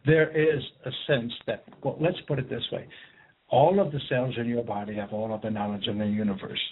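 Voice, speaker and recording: A man speaking as a guest healer, explaining his ideas calmly and at a measured pace. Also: medium pitch, slight background noise. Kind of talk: explanatory talk. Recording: tinny phone-like call audio.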